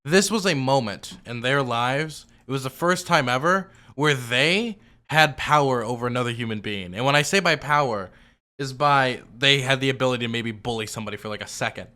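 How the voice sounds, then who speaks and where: A man's voice: medium pitch, fairly quick, sharp tone. A man giving casual, sarcastic reaction commentary as a streamer, rambling with lots of fillers.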